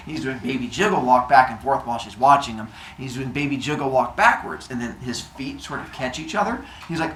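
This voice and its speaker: A man's voice: mid-range voice, expressive, quick pace, fairly bright tone. Playful man telling myths in an echoey room. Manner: playful, jokey, quizzes listeners. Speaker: storyteller. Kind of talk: lively storytelling to a live audience. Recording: echoey room, distant mic, faint noise.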